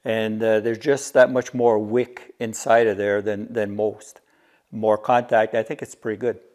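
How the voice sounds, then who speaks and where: A man's voice: lowish voice, little pitch movement, unhurried, a little mellow. A man casually showing and explaining his homemade workshop gadget, walking through the technical details step by step. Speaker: DIY maker. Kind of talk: casual workshop show-and-tell.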